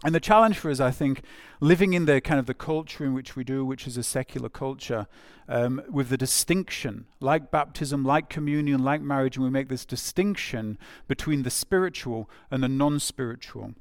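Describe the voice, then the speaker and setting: A man's voice: mid-range voice, moderate pace, few pauses, no room sound, studio quality. A man preaching a sermon in a conversational way, with frequent fillers and phrases repeated for emphasis.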